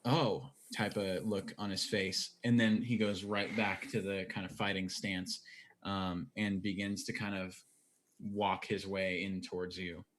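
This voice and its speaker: A man narrating a tabletop game as game master, in a relaxed, descriptive way with fillers. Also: deep voice, a little slow.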